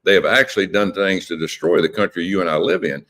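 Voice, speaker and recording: A man's voice: low-pitched, steady tone, fast, fairly bright tone. A man speaking as a politician guest on a radio interview, impassioned and emphatic, often repeating words.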